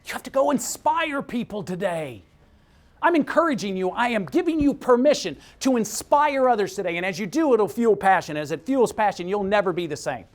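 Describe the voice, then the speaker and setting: A man speaking as a motivational keynote speaker, his pitch swooping up and down as he drives each point home. He is punchy and energetic and repeats short phrases for emphasis. He sounds like a storyteller working a room. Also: brisk. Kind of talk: inspirational keynote talk.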